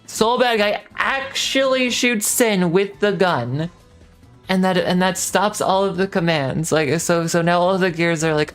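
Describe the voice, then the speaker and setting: A woman's voice: on the low side, unhurried, faint music behind. A woman streamer casually retelling a game's story, rambling with lots of "like" and frequent swearing. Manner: rambling, heavy filler 'like', frequent swearing. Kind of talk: casual game plot recap.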